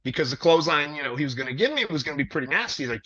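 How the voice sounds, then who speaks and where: Man, casual storytelling, animated, swears a lot, lots of "like", bright tone. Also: on the high side, rapid-fire. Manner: animated, profane storyteller full of fillers. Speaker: wrestler guest. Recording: dull lo-fi audio.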